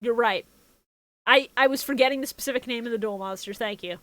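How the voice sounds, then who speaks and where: A woman co-hosting a casual podcast, her voice sitting a little high. She is sarcastic, swears freely and laughs often. The sound is dry and close to the mic. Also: fairly quick, a bit bright, no echo, poor audio. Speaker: podcast co-host.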